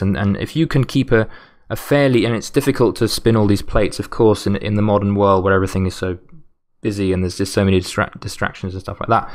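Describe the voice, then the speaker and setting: A man hosting a solo podcast, giving advice in an earnest, motivational way while sounding tired and losing his voice. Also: fairly low pitch. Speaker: podcast host.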